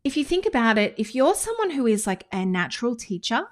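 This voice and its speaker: A woman with an Australian accent, a business coach giving a casual, chatty lesson to camera, full of quick asides and enthusiasm. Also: a little high, big pitch swings. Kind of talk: casual teaching monologue to camera. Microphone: screen-recorded talking head with whiteboard.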